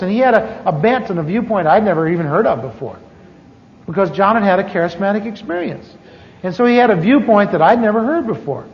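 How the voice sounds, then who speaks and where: A middle-aged man preaching a personal testimony, candid and storytelling, with wry asides. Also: high-pitched. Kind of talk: testimony sermon. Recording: dull archive recording with long hall reverb.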